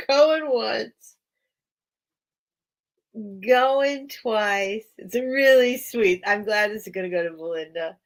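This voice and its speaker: A woman's voice: fairly high pitch, drawn-out words, pauses often. A woman hosting a casual live-stream sale from a small room at home, chatty and easily distracted, laughing often. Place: small room at home with a towel under the door.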